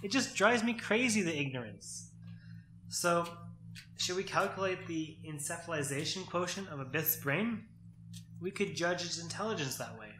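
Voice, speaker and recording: A man co-hosting a casual chat over a card game, explaining things at length with nerdy excitement. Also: a little high, normal speed, reverberant, slight background noise, low-quality recording. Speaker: podcast co-host.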